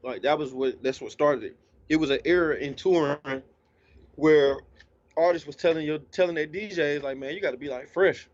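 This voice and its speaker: A man's voice: on the high side, moderate pace, darkish tone. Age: adult. Sex: man. Role: guest DJ. Style: laid-back slangy interview talk. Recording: slightly dull lo-fi. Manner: laid-back, slangy, eating while talking.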